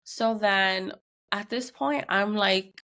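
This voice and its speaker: A woman's voice: medium pitch, takes it slowly, bright, forceful tone. A young woman co-hosting a podcast, emotionally retelling a tense story with lots of fillers. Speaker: podcast co-host. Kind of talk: casual storytelling.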